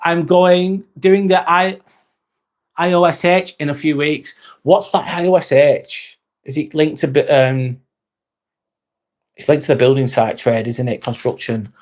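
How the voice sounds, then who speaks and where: On his laid-back livestream, the forty-something host chats freely, reads comments from viewers aloud, and swears from time to time. His voice sits on the high side, a little mellow, with fairly even intonation and a measured pace.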